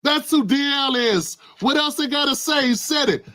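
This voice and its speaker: A man's voice: very high voice, moderate pace, bright, forceful tone. A man hosting his own channel, giving impassioned political commentary full of repeated rhetorical questions. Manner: fervent, repetitive rhetorical questions, addresses a listener by name.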